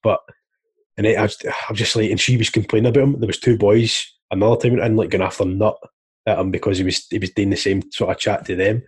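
A Scottish man in a casual podcast chat, swearing easily as he tells his stories. His voice is low and rough around the edges. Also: fairly even intonation, fast. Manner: chatty storyteller, swears freely.

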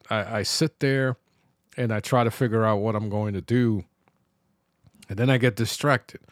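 Slow, halting middle-aged man from New York. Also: mid-range voice, a little mellow, dry recording, studio quality. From New York, Bronx. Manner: halting, reflective, with pauses and restarts. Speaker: podcast host. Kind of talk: personal podcast monologue.

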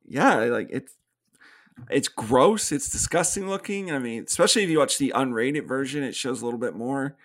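A man's voice: mid-range voice, animated, normal speed, a bit bright. A man co-hosting a podcast, recapping a movie's plot in casual chat, acting out the characters' lines and laughing often. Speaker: podcast co-host. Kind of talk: casual film review chat.

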